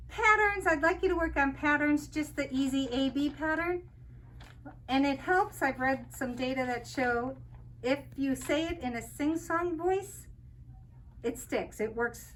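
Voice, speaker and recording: A woman's voice: sits high, lively intonation, moderate pace, a bit bright. An older woman, a kindergarten teacher, giving a friendly step-by-step talk to parents and counting aloud as she explains. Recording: distant mic with faint noise.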